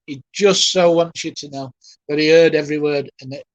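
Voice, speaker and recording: A spiritualist medium with a fairly high voice conducts a live reading, gently and haltingly, growing emotional as he softly reassures the person addressed. His intonation is fairly even. The lo-fi recording is dry and close, with no room sound at all.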